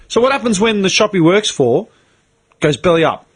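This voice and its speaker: A man's voice: high voice, animated, moderate pace, slightly rough. A man on a casual podcast, swearing bluntly and acting out both sides of an argument as he tells a story. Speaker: podcast co-host. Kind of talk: casual chat.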